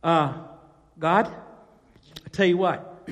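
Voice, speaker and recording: Male pastor, high-pitched, sermon delivery that swells to loud rhetorical questions; long church reverb. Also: animated, moderate pace, long pauses. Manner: swings from quiet asides to loud, emphatic rising questions.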